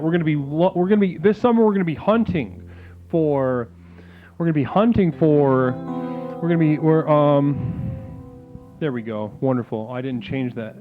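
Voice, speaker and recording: A man hosts a comedy call-in stream in a fairly high voice, rambling, cursing and stumbling through restarts. His voice comes through thin and phone-like, with music playing clearly underneath. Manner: rambling, profane, full of restarts. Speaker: call-in show host. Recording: tinny phone-like sound with music behind.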